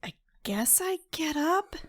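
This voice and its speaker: A woman's voice: high voice, big pitch swings, slow. A woman playing a tabletop game, talking in a casual, wry manner. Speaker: player.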